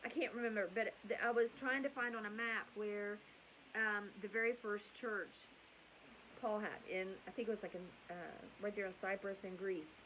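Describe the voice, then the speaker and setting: A woman's voice: medium pitch, steady tone, moderate pace, a bit bright, slight background noise, poor audio. A middle-aged woman hosting bedtime Bible stories, chatty and rambling, with asides and self-corrections. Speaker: storyteller and host.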